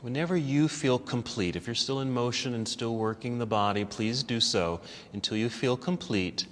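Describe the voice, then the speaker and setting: A man teaching a yoga class, calmly cueing poses step by step and easing toward relaxation, a little out of breath. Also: medium pitch, moderate pace, big-room sound. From United States. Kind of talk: guided yoga class instruction. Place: yoga studio.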